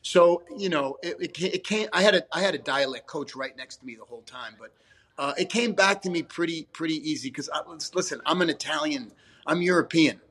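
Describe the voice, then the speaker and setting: A man speaks in a fairly high voice, animated and quick to laugh. He swears freely while chatting as an interview guest, and the sound comes through a video call mic. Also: husky. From New York, USA. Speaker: actor guest. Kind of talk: casual interview chat.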